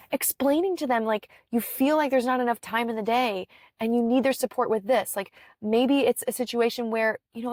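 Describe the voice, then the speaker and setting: A woman's voice: high-pitched, a little mellow, no room sound, studio quality. A woman hosting a solo podcast in casual chat, rambling and earnest, encouraging her listeners with many "like"s and sighs. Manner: chatty and rambling, with frequent "like" and sighs. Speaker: podcast host.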